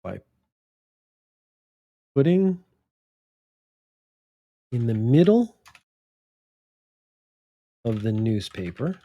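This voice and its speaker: A man teaching English vocabulary, thinking aloud and saying words slowly and deliberately to stress the key ones. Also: mid-range voice, big pitch swings, muffled recording.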